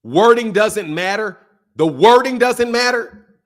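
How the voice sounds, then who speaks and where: A middle-aged man hosting a boxing channel, ranting and mocking his critics with heavy profanity, swinging between loud and soft. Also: high voice, expressive, measured pace. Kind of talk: ranting commentary.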